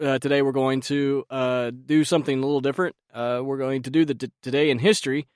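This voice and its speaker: A man hosting a casual solo podcast, his voice croaky and stuffed up from sinus trouble, rambling and laughing at himself. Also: fairly high pitch, no echo, studio quality. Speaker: podcast host.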